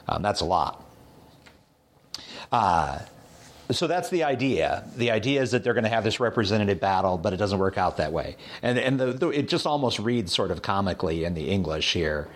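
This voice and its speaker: A man's voice: on the low side, moderate pace. A man leading a conversational Bible study, retelling a story with lots of fillers and restarts. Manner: animated retelling with hesitant fillers. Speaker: Bible teacher.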